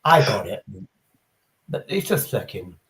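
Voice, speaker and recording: A man's voice: lowish voice, big pitch swings, measured pace, a crowd in the background. A middle-aged man, chatting casually on a livestream as the host, blunt, sweary and rambling. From England. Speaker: streamer. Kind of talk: casual chat. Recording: faint background noise.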